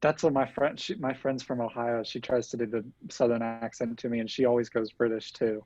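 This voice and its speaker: A man's voice: mid-range voice, flat delivery, brisk, a little mellow, no echo, highs cut off. Bubbly young man from Kentucky on a video call. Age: young adult. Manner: bubbly, laughs often. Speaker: guest, TikTok creator. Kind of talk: casual chat over video call.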